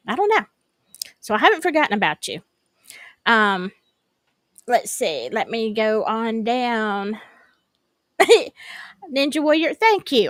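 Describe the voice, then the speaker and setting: A woman's voice: fairly high pitch, fairly bright tone, dry recording. A woman with a Southern accent hosting a casual true-crime livestream, rambling and greeting her viewers by name.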